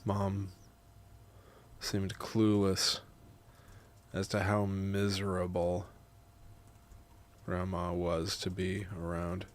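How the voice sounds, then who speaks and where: A man writing a horror story live, dictating slowly and musing, then chatting with viewers. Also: deep voice. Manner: slow, halting and musing; lively and chatty with his viewers.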